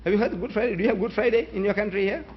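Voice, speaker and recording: Man, Gujarati speaker, fairly high voice, rhetorical debate speaker on a dull lo-fi recording. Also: racing, a little hiss or hum. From South Africa. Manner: emphatic, rhetorical, challenges the audience with questions. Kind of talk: public debate address.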